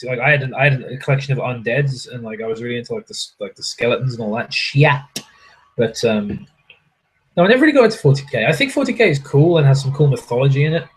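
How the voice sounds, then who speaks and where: Streaming casually from a hotel room, this young adult man rambles through replies to chat, cursing freely and making fun of himself. The audio is rough, and his voice is husky and medium in pitch.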